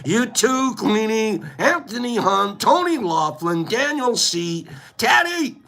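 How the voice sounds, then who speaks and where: A man hosting a casual live stream, rambling playfully and calling out viewers by name with sudden high whoops. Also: expressive, slow pace, gravelly, bright, forceful tone. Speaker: livestream host.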